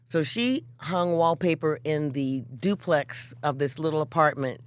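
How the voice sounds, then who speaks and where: An animated woman guest who tells her stories with vivid, acted-out quotes. Her talk is casual and candid, with frank swearing. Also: deep voice, unhurried. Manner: animated, acts out quotes in voices, swears freely. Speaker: songwriter guest. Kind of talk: casual storytelling chat.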